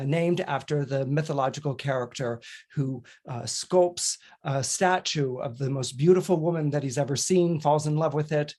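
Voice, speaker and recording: A man's voice: a little high, darkish tone. A man, an astrologer, casually telling a story on a podcast, rambling with fillers and restarts and briefly mimicking characters. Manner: chatty, digressive, with frequent fillers and restarts.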